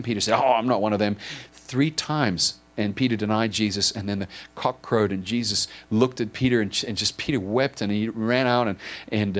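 Guy preaching, kinda low voice, keeps stumbling and repeating "and", earnest. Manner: halting, many repeated ands and restarts; earnest and emotional. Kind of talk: informal sermon retelling a story.

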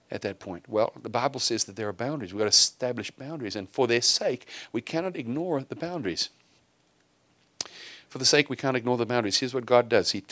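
A man's voice: lowish voice, fairly bright tone, no room sound. A man preaching a sermon in an earnest way, with emphatic bursts and frequent restarts.

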